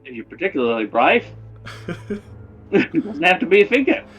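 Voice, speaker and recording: A man's voice: a little high, very animated, moderate pace, a bit bright, breathy edge, soft background music, poor audio. A man chatting at a game table, hesitant and playful, giggling between thoughts. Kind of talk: casual table chat.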